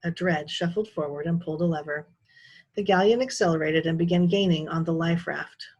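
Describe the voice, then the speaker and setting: A teacher reads a children's novel aloud in a steady, expressive storytelling voice. Her voice is somewhat husky, and she keeps an even pace through the action. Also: fairly low pitch, brisk.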